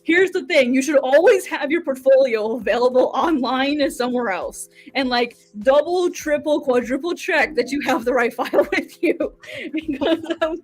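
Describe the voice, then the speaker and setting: American woman, high voice, rambly animated storytelling w/ lots of laughs and "like". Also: normal speed. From United States. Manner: animated, filler-heavy, laughs often. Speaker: guest manga artist. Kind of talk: casual interview storytelling.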